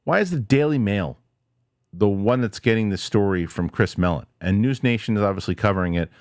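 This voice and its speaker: Brief: male host, agitated ranting commentary, lively pitch, dry close mic. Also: no room sound. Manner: angry, exasperated rant with rapid-fire questions.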